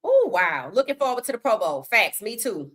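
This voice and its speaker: Woman, sports podcast host, outspoken and colloquial, bright forceful tone, slightly high voice. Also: sing-song, moderate pace. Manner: outspoken, colloquial, heated opinion. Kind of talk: casual sports talk livestream, reading chat.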